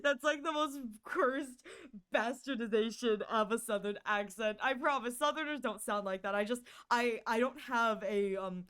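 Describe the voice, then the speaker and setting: Bubbly woman streamer, Northern US accent, high and smooth, casual live-stream chat. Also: moderate pace. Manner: bubbly and excitable, laughs often.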